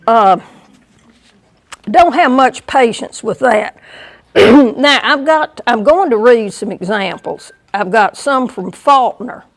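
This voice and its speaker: A woman with a Southern US accent giving a museum lecture, deliberate and dry, with wry asides to the audience. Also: a little high. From American South. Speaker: guest lecturer.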